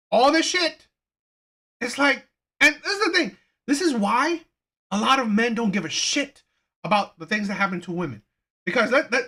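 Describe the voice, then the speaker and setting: A man giving heated reaction commentary with a bright, forceful edge. He repeats himself, swears freely and hammers every point as he rants. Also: extremely high pitch, animated, moderate pace, pauses often. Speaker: reaction channel host. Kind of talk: ranting video commentary.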